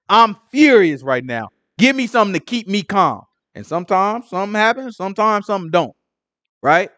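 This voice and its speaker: A man leading a conversational Bible study, animated and talking, acting out prayers in hushed or loud voices. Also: high-pitched, moderate pace, no echo. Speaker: Bible teacher. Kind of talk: conversational scripture teaching.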